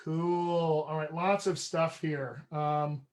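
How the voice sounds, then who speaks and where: A man coaching actors in an upbeat, motivational live-stream talk, pitching his workshops. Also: fairly even intonation, slow pace, a little mellow. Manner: upbeat, motivational, addresses viewers as friends. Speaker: dialect coach. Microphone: webcam or computer mic on a live video stream.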